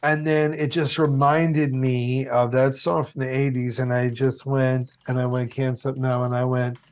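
A man telling a story in a casual interview, lively and animated. He swears easily and slips into other people's voices. His pitch sits in the middle range and the sound is clean. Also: unhurried, smooth. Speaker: TV food show host, interview guest.

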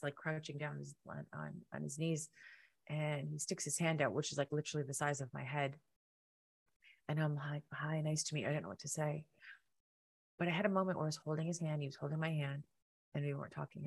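A middle-aged woman hosting a podcast, telling a personal story in an animated way and acting out the lines of people in it. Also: creaky. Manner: animated, acts out quotes with big pitch jumps. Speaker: podcast host.

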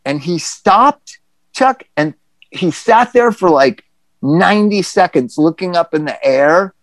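A middle-aged person telling a personal story on a podcast in a candid, profane, animated way. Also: medium pitch, slow, no room sound. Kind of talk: casual storytelling chat.

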